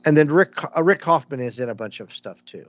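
A man's voice: fairly high pitch, expressive, fairly quick, dry recording, dull audio. Rambling man in casual podcast chat. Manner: rambling, restarts, laughs while telling stories. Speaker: podcast co-host.

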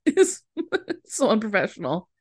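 A young woman co-hosting a casual podcast, recapping a TV episode, giggly and quick to agree. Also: mid-range voice, huge pitch swings, dry recording, studio quality. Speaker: podcast co-host.

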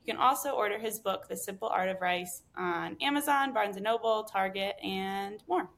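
A woman's voice: mid-range voice, moderate pace. A woman hosting a food podcast, upbeat and giggly in casual interview chat. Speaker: podcast host.

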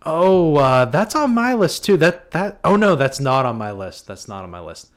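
A man co-hosting a podcast in casual chat, animated and joking. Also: on the high side, normal speed. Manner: animated and joking, with laughs and bits of quoting. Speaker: podcast co-host.

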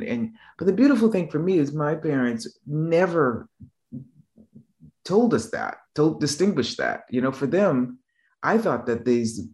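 A man from the Boston area, a business trainer, telling stories in a loose, rambling way and checking in with "right?" as he goes. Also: darkish tone. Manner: rambling, frequent "right?" check-ins and restarts; acts out quoted voices in a raised pitch. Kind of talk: casual conversational storytelling.

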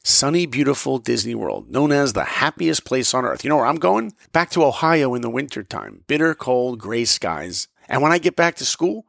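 Male motivational storyteller, gravelly voice, dry sound. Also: mid-range voice, normal speed, few pauses, no echo. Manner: animated, acts out dialogue. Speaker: motivational podcast speaker. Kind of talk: personal storytelling talk.

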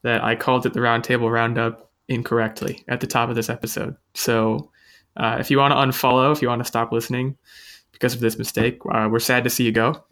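Male podcast host, bright forceful tone, loose chatty delivery, self-deprecating humor. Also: mid-range voice, flat delivery, brisk. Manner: chatty, self-mocking, thinks aloud with restarts. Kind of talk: casual podcast chat.

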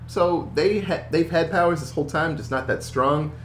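A man's voice: a little high, moderate pace, reverberant, slight background noise. A man casually recapping a movie, acting out quotes, laughing and swearing as he goes. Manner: animated storytelling with voiced quotes and swearing. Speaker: podcast co-host.

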